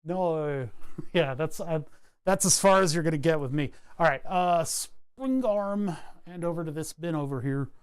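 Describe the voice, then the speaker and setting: A man with a slightly higher-than-average voice talks loosely to his live-stream viewers while he works at a home workbench. His tone is relaxed and self-deprecating, and he chuckles often. He speaks into a wired desk microphone. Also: moderate pace, smooth. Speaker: streamer building electronics projects live. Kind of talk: casual live-stream chat while tinkering.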